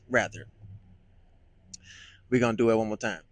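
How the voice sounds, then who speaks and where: A man vlogging a reflective monologue, musing and halting, often repeating words with many fillers. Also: fairly low pitch, no room sound.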